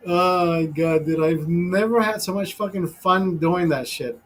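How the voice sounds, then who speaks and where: A man from Honduras hosting a casual stream, telling a crude tale with profanity in nearly every line. His voice sits fairly high and sounds husky. He laughs at his own jokes as he goes. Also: unhurried. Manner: crude, profanity-heavy storytelling, laughs often. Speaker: livestream host. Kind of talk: casual storytelling.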